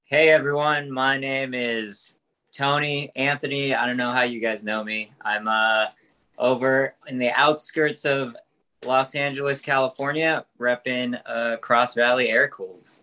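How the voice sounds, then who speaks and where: A man's voice: medium pitch, steady tone, measured pace, pushed and bright. A man appearing as a podcast guest, introducing himself in an easygoing way. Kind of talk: casual chat.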